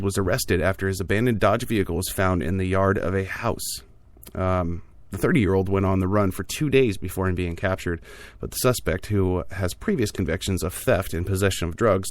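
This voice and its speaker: A man with a deep, low voice hosts a laid-back news podcast. He reads each story loosely, breaking off for sarcastic asides and plenty of ums and uhs. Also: dry recording. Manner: jokey, offhand asides with frequent fillers. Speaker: podcast host. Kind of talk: casual tech news podcast.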